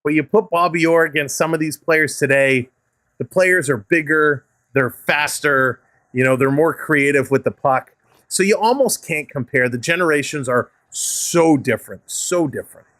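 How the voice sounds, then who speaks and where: A man's voice: fairly high pitch, moderate pace, fairly bright tone, no room sound. Upbeat Canadian man calling hockey live. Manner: upbeat, chatty, thanks viewers by name and chuckles often. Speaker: live hockey stream host. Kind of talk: play-by-play commentary mixed with chat replies.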